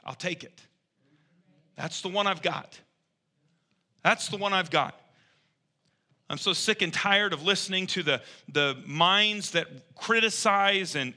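A man preaching a sermon as pastor, shifting between conversational asides and emphatic, loud bursts. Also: high-pitched. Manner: conversational, quotes imagined listeners.

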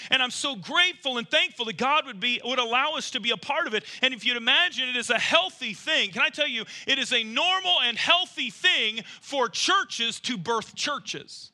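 High-voiced fervent man preaching. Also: sharp tone. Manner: fervent, repetitive preaching cadence. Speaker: pastor. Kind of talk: sermon.

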